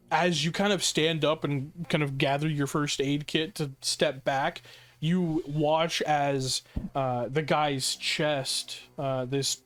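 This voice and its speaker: A man narrating as game master in a tabletop game, describing scenes with many fillers. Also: a little high.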